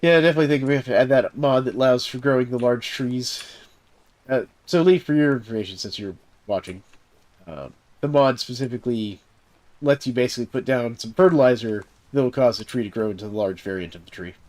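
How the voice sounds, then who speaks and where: He's a game streamer and server host from the Southern United States, talking fairly quickly in a mid-range, somewhat mellow voice. While gaming live, he chats casually and rambles through stories, heavy on fillers and chuckling along.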